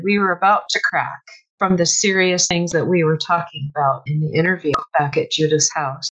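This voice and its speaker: A woman author telling stories from her research in an animated conversational way, with sudden bursts of laughter. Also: on the low side, rough recording. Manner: animated, breaks into shrieks and laughter when retelling. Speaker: author guest. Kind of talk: conversational storytelling.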